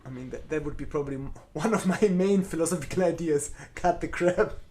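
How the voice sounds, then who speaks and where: Blunt, self-deprecating man, slightly high voice. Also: fast talker, warm tone. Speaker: cellist answering viewer questions. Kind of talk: live online Q&A.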